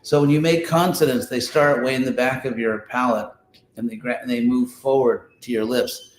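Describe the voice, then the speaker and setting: A man's voice: medium pitch, fairly even intonation, moderate pace. Man lecturing a class in an echoey room. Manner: conversational, explains with examples and repeated restarts; sounds out syllables aloud to demonstrate. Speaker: teacher of a scripture study class. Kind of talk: informal spoken lecture to a class. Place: class in a room, with listeners present. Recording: echoey room with faint ambient noise.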